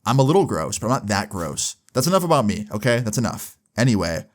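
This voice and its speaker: A man's voice: fairly low pitch, very animated, fast. A young man telling a storytime vlog in a casual, profane way, with lots of filler words. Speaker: vlogger.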